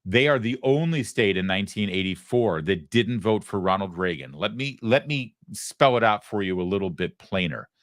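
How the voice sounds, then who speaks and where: A man's voice: lowish voice, animated, no echo, clean studio sound. A middle-aged man from Michigan hosting a political talk show, delivering an emphatic, sarcastic monologue. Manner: sarcastic, emphatic, quick asides.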